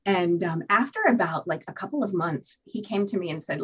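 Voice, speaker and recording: A woman guest telling her own recovery story in an interview, candid and animated, swearing freely and acting out what she told herself. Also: on the low side, fairly quick, hardly any pauses, breathy edge, dull audio. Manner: candid, animated storytelling with profanity and acted-out inner voices. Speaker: podcast guest.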